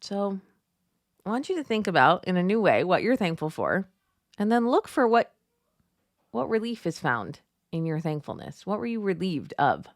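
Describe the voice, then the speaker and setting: A woman in her thirties hosting a devotional show, talking casually and telling family stories with lively retellings. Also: fairly low pitch, moderate pace, no echo, studio quality. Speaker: podcast host.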